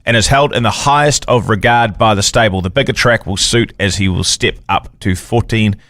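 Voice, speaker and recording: A man's voice: on the low side, normal speed, fairly bright tone, no room sound, studio quality. A man hosting a casual horse racing tips podcast, upbeat as he wraps up the show. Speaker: podcast host. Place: studio.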